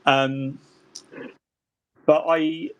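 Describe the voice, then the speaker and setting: A man's voice: on the high side, flat delivery, drawn-out words, dull audio, slight background noise. A man hosting a hobby chat, rambling and joking with lots of restarts and asides as he works at his desk. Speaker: hobby stream host. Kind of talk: casual chat while model painting.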